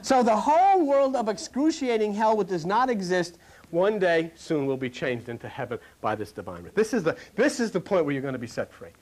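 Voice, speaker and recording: A man preaching a sermon to a live congregation in a folksy storytelling way, asking the audience questions and swinging between loud lines and a low murmur. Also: very animated, a little fast. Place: hall before a live congregation.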